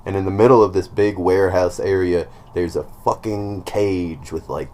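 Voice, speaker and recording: Deep-voiced male co-host, thirties, casual storyteller, swears and laughs a lot. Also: fairly even intonation, moderate pace, darkish tone, slight background noise. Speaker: podcast co-host. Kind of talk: casual chat.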